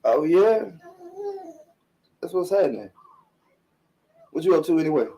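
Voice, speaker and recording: A man's voice: on the high side, animated, a little slow, warm tone, poor audio. A middle-aged man hosting a live-streamed podcast, ranting bluntly and emphatically, swearing often and repeating himself. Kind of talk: casual profane commentary rant.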